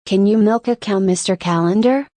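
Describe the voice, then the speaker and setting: A woman's voice: medium pitch, normal speed, dark tone, no echo, lightly acted. A woman reading aloud as a resolute middle-aged mother who once sang and danced on stage, with a firm, determined manner. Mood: passionate.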